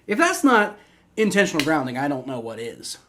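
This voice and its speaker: Excitable young man reacting to a game live. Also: on the high side, a little fast. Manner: excitable, rambling, swears freely. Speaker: livestream host.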